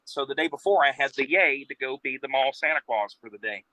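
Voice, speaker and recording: Talking a little fast in a mid-range voice, a guest storyteller who is a professional Santa rambles through a casual anecdote and performs the quotes with animation. The recording is rough and dry, with no room sound.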